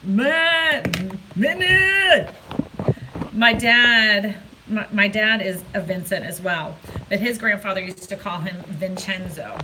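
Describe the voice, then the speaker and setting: A woman's voice: mid-range voice, takes it slowly, noisy background. A woman real estate agent chatting casually on a live stream from a hotel room, giggly and rambling, recorded on a phone. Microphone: phone camera.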